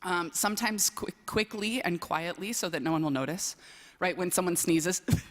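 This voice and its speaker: A woman's voice: fairly low pitch, moderate pace. A young woman from southern Wisconsin giving a playful, self-deprecating personal talk at a college chapel service, with lots of "um"s. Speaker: chapel speaker, speech coach. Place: large chapel. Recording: long reverb in a large chapel.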